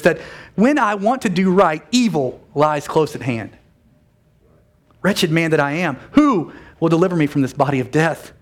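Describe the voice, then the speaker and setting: Animated male pastor preaching a sermon. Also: fairly high pitch. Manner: animated, conversational, self-correcting with quick asides. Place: church.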